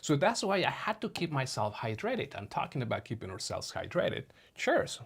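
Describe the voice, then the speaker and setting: A middle-aged man from Mexico telling a personal story to his viewers in a casual, chatty way, calling them his friends and filling pauses with "uh" and "you know.". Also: mid-range voice, very animated, vocal fry, breathy edge. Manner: chatty, addresses viewers as friends, many fillers. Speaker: vlogger.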